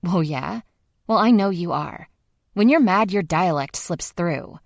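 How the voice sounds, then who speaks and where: A woman's voice: on the low side, lively intonation, measured pace, gravelly, no echo, clean studio sound, pitched above the performer's own voice, full character voice. A woman playing a blunt teasing woman. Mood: pressing. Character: blunt, teasing adult woman, the narrator's younger self in scenes.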